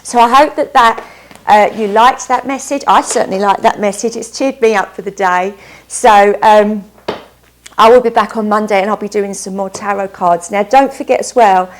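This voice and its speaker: A woman's voice: mid-range voice, moderate pace. A woman doing a casual tarot card reading, upbeat and chatty, often stopping to add asides. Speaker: tarot reader.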